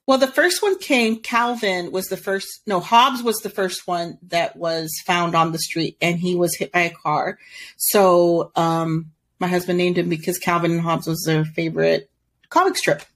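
A woman's voice: fairly low pitch, fairly even intonation, unhurried. A woman co-hosting a podcast in casual chat, talking readily and laughing often. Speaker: podcast co-host.

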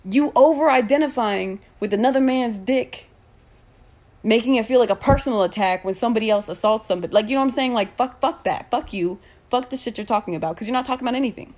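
A woman delivering an angry, profane rant full of rapid rhetorical questions. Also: on the high side, darkish tone.

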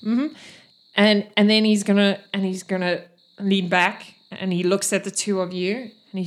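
A woman running a tabletop game as game master, narrating with laughter and quick side-character voices. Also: medium pitch, little pitch movement.

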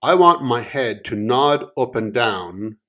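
A man playing a slow, deliberate odd fellow. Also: mid-range voice, animated, sharp tone, full character voice.

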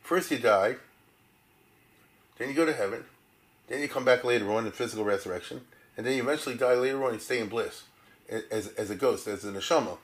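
An older man giving a lively lecture in a yeshiva manner, often checking his listeners follow with quick rhetorical questions. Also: mid-range voice. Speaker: Torah teacher. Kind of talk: lecture on Jewish history.

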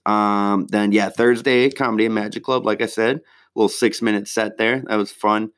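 Low-voiced, laid-back man, swearing freely. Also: steady tone, normal speed, smooth. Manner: rambling, heavy swearing, laid-back slang. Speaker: stand-up comedian. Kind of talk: casual spoken recap.

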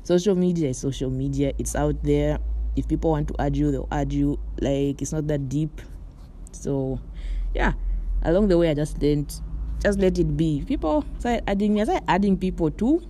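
A woman's voice: sits low, normal speed, mellow, a little hiss or hum. A young woman from Morocco hosting a casual solo podcast from her bed, rambling and chatty with lots of fillers. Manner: chatty and rambling, with frequent "like" and "you know" and light laughs. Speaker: podcast host.

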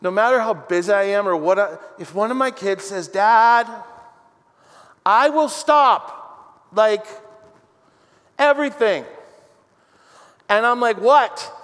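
A man preaching with a high, bright-pitched voice and an animated, jokey manner that builds to shouted declarations. His sermon rings out in a church hall with a long, trailing reverb. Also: normal speed, pauses often. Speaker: pastor.

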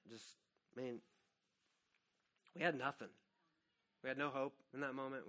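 Bright-voiced preaching man. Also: fairly high pitch, little pitch movement, a little fast, long pauses, smooth. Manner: earnest, personal preaching, swinging from hushed to loud. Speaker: pastor. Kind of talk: sermon.

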